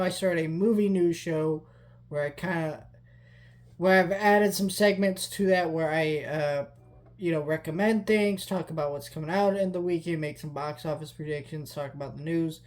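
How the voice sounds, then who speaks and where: A woman's voice: low voice, moderate pace, darkish tone. Casual, profane woman vlogger. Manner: rambling, profane, frequent fillers. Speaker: movie vlogger. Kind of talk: casual storytelling vlog.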